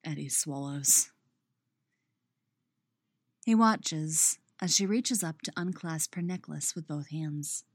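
A woman reading her own romance story aloud, expressive in the narration and chatty and self-mocking in her afterword. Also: deep voice, slow pace, long pauses, breathy edge, no echo, studio quality. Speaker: fan fiction reader and writer.

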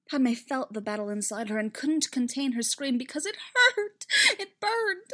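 A woman narrating a fan-fiction story aloud in an expressive, dramatic reading. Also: fairly high pitch.

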